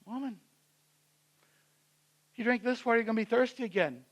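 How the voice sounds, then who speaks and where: A calm, gentle Jesus, as a preacher puts him on speaks softly and evenly. The high-pitched male voice keeps a measured, quiet manner throughout this sermon retelling. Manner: calm, soft-spoken.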